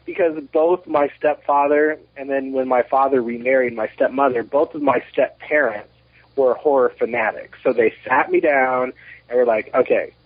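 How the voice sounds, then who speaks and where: Guy in his 30s rambling thru stories on a podcast, husky voice, dry muffled sound. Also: medium pitch, dry recording. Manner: animated storyteller, rambling with restarts. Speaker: documentary producer, podcast guest. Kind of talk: casual interview chat.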